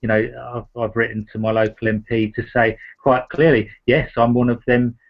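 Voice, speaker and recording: A man hosting a discussion, talking in a halting way with many fillers and restarts. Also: mid-range voice, level tone. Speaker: host. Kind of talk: casual discussion. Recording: dull lo-fi sound.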